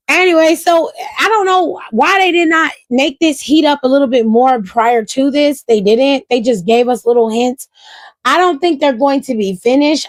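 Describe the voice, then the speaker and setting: A woman hosts a casual wrestling recap and talks it through in a fairly high voice. She is animated and profane and acts out what people said. The sound is close and dry. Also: no echo. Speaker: wrestling show reviewer, host. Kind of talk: casual commentary.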